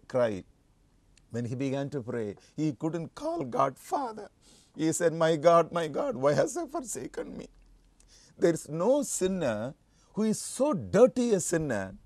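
Fervent preacher with soaring pitch leaps. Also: male voice, warm tone, no echo. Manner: emphatic, leaping to high fervent peaks, repeats key phrases. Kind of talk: sermon.

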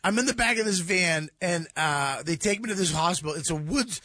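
A middle-aged man telling a comic story on a talk show, animated and exaggerating, acting out the people in it. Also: sits high, brisk, no echo. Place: radio studio. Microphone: studio microphone.

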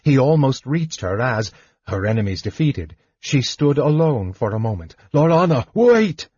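A man reading a fantasy audiobook in a measured, dramatic narration. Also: medium pitch, lively intonation, a little mellow, breathy edge, no room sound, lo-fi sound.

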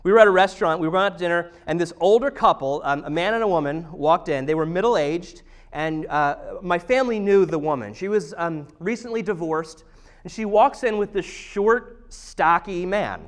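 Guy pastor in his 30s, kinda high voice, chatty and joking about himself in a sermon. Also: normal speed. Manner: chatty, self-deprecating, humorous. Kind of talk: conversational sermon with storytelling. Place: church service.

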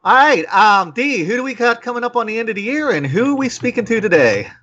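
A man's voice: very high-pitched, very animated, fast, pushed and bright. A man hosting a podcast in casual chat, making wry jokes, on a dull, lo-fi recording. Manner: joking, wry. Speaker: podcast host. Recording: dull lo-fi sound.

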